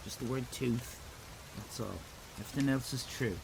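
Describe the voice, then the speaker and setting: A man's voice: mid-range voice, moderate pace, creaky, a little hiss or hum, low-quality recording. A middle-aged Irish man streaming live, rambling and self-mocking in casual chat with his viewers. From Ireland.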